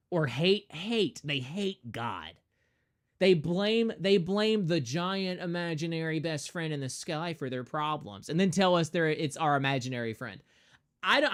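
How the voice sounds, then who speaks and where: Animated man ranting on stream. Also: fairly high pitch. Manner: animated, emphatic, jumps into mocking voices. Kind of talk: casual preachy rant on a gaming stream.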